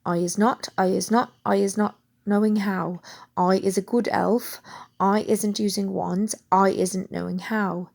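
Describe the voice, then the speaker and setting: A woman's voice: flat delivery, measured pace, vocal fry, a little mellow. A woman voicing a terrified little female house-elf who stammers and pleads in broken grammar. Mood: terrified pleading. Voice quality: squeaky.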